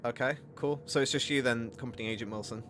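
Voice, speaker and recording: A man's voice: mid-range voice, fast talker, a bit bright, slight background noise. A man running a tabletop game as game master, narrating casually with many fillers and restarts.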